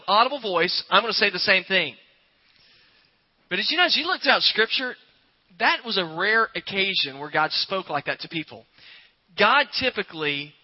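Man preaching a sermon, fairly high voice. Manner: conversational preaching, asks the congregation questions. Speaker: pastor. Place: church before a congregation. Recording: dull lo-fi recording.

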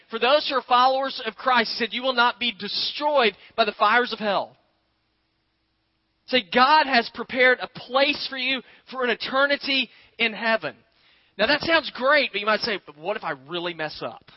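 A pastor preaching a sermon in a conversational way, calling his listeners "guys" and "y'all" and dropping his voice low and soft when he tells a story. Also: normal speed, no room sound, muffled recording.

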